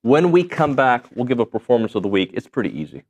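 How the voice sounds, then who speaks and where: Male sports radio host, rapid patter, upbeat studio delivery. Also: mid-range voice, very animated, a little mellow. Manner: quick, upbeat, reads sponsor plugs.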